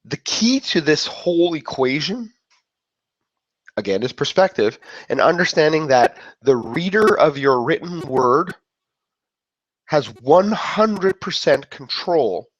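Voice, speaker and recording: A man gives a casual motivational talk in a fairly high, very animated voice, taking it slowly. He rambles, cuts himself off mid-thought, and acts out other people's reactions, and the recording sounds dull, lo-fi, and dry.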